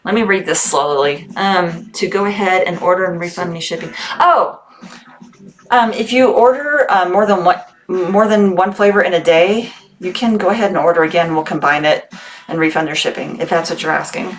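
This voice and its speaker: A woman hosting a casual selling livestream chats with viewers and reads their comments aloud. Her voice is on the low side at a moderate pace, and the livestream audio is noisy.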